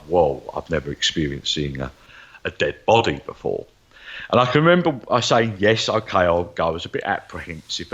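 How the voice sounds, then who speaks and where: A man with a deep, low voice tells long personal stories in a rambling way, often repeating words and restarting his sentences. The recording sounds dull and lo-fi. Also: fairly bright tone. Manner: rambling, repeats words, acts out remembered dialogue. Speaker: psychic medium guest. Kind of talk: interview storytelling.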